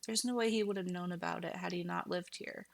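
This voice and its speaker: A woman reading a horror story aloud as scripted narration in a hushed manner that slips into whispers. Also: lowish voice, fairly even intonation, brisk, vocal fry.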